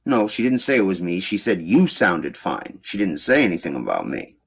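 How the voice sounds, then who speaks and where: Man host, casual voice chat, lively swearing rants, pitch jumps around. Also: moderate pace, creaky, husky. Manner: profane, animated ranting.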